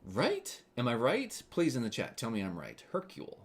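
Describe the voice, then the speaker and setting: A man's voice: mid-range voice, wildly swooping pitch, normal speed. An American man co-hosting a casual gameplay stream, joking, reading chat aloud and repeating words. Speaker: streamer co-host. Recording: game music behind the voice. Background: game music.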